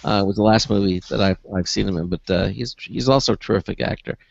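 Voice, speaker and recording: A man hosting a radio talk show, talking in a halting way with many pauses and restarts. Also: lowish voice, vocal fry, dry recording, lo-fi sound. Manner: halting, full of uhs and restarts. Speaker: host. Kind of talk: casual radio chat.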